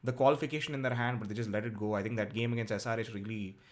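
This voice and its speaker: A man's voice: lowish voice, steady tone, racing. A man co-hosting a cricket podcast, talking casually with lots of fillers and restarts. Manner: hesitant, many fillers and restarts.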